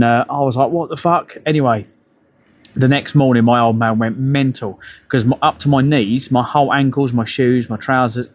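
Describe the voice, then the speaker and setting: Middle-aged male streamer, mid-pitched, sweary, rambling anecdotes, outdoors on a bike ride. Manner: profane, rambling storyteller. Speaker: livestreamer. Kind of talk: casual live-stream chat.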